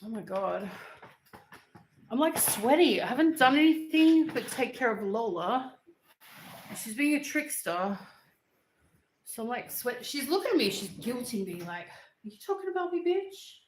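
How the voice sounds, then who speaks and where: A woman's voice: a little high, lively intonation, unhurried, long pauses, roomy sound, slight background noise. A woman hosting a casual livestream from home, chatting loosely and cooing at and scolding her dog. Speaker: livestream host. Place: at home, indoors.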